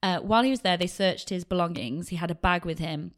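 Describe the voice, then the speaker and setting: A woman's voice: on the low side, fast talker. A woman, a podcast co-host telling a true-crime story in a chatty way, laughing and acting out the quotes.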